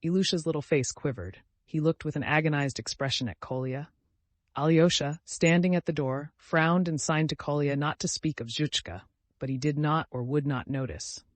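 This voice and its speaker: A man narrating a classic novel as an audiobook, in a measured storytelling manner. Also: fairly high pitch, dry recording.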